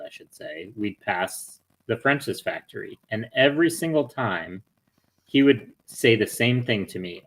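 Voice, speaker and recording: A middle-aged man from Missouri hosting a casual stream chat, telling rambling stories with deadpan dad jokes. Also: on the low side. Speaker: stream host.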